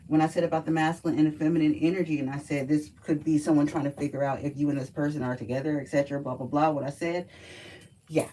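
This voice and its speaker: A woman with a low, mellow voice does a relaxed live card reading, blunt and quick to curse as she talks. She sits a bit back from the mic, with a faint hum of room noise behind her. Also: distant mic, low-quality recording. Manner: blunt, profane, chatty. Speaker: livestream card reader.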